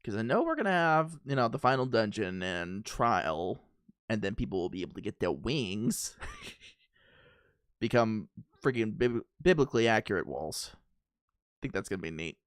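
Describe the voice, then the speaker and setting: Male streamer, casual rambling chat with viewers, lively up-and-down voice, dry close mic. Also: fairly low pitch, measured pace, clean tone, no echo. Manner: chatty, rambling, talks to chat with fillers and laughs.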